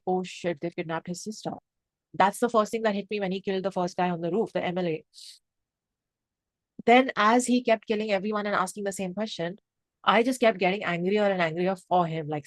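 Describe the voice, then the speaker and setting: A young woman reviewing a film in casual, excitable speech, swearing freely and mixing in Hindi phrases. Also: mid-range voice, no room sound. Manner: emphatic, excitable, mixes Hindi phrases into English; swears freely, lots of fillers like 'um' and 'like'.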